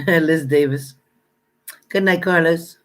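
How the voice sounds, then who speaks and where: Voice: medium pitch, takes it slowly. A tarot reader hosting a casual live stream, chatting with viewers and greeting them by name in a blunt, playful way with frequent laughter. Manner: laughs often, playful banter; blunt, straight-talking.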